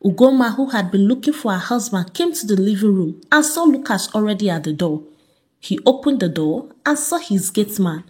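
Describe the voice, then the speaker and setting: A woman's voice: mid-range voice, lively intonation, moderate pace, darkish tone. A woman, narrating a story aloud expressively.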